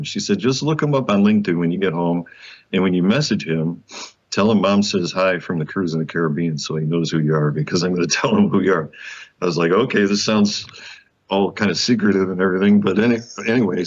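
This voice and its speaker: A man with a very low voice tells a personal story as an interview guest. He is animated, acts out what people said, and laughs often. The sound is muffled and lo-fi. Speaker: guest author.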